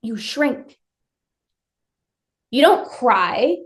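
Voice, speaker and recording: A woman's voice: a little high, big pitch swings, extremely slow. A woman leading a live online workshop, speaking to her viewers directly with emphatic, repetitive phrasing.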